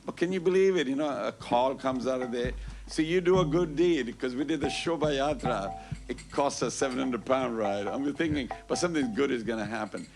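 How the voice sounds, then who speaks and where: A man tells a story at a temple Sunday program, animated and full of "you know", quoting others back and forth. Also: mid-range voice, moderate pace, music in the background. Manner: animated, quotes others in dialogue, frequent "you know" and "I goes". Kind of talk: casual storytelling announcement. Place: temple hall.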